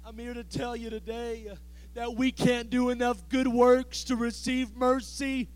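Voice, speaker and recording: High-pitched preacher shouting in whooping cadence. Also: male voice, level tone, a little slow. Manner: builds into shouted, rhythmic "uh"-punctuated whooping cadence; speaks in tongues. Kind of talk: sermon. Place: church sanctuary.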